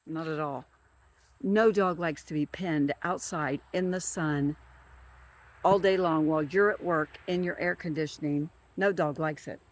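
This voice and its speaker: A government field worker ranting in a monologue, emphatic and repetitive, who keeps stressing the same words. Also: mid-range voice.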